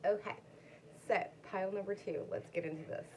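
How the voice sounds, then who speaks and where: A woman's voice: medium pitch, steady tone, a little fast, background noise. A woman doing a casual, rambling tarot card reading, chatting to her viewers. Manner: chatty, rambling, talks to her dog between cards. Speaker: tarot reader.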